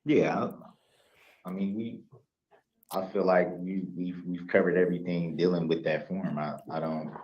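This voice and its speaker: A man defendant addressing a judge in a halting, argumentative way, repeating his words. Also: sits low, steady tone. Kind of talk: courtroom statement. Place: courtroom. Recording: distant, muffled courtroom audio.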